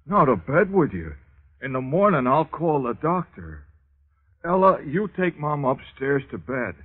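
Brief: a fussing, bossy son, husky and lively in pitch, slow, on a tinny old radio play. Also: male voice, full character voice. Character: fussy, caring grown son worried for his mother. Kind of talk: 1940s radio acting.

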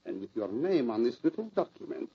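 A suave accented gangster villain. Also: male voice, mid-range voice, sing-song, full character voice. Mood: menacing. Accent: foreign. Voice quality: smooth, sinister and deliberate. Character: suave menacing male gambler villain with an accent. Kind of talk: old-time radio drama acting. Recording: dull lo-fi old radio recording.

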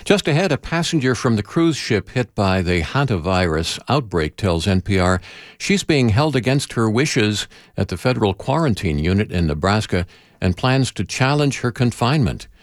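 A man's voice: fairly low pitch, sing-song, normal speed, no echo, clean studio sound. A man hosting local radio, reading news and sports briefs.

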